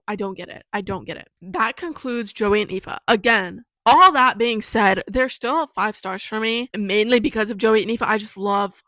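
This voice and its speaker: A twenty-one-year-old woman reviewing books in a casual vlog, animated and opinionated, repeating herself for emphasis. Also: medium pitch, dry recording. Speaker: book reviewer.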